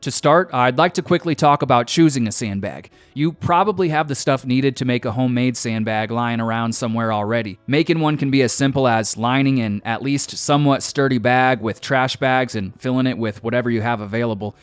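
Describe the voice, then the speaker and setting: A man's voice: medium pitch, a little fast, hardly any pauses, clear, resonant tone, dry recording, soft background music. A man, a strength coach, giving a confident, emphatic scripted voice-over with direct advice.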